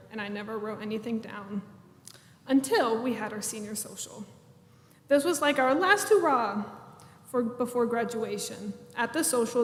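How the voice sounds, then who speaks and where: Young woman, graduation speech, chatty, nervous humor, roomy echo, slightly high. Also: slight background noise. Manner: chatty, self-deprecating, laughs through nervous moments. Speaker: senior class president giving a graduation speech. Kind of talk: prepared ceremony speech. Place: large church sanctuary. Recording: echoey hall, room mic.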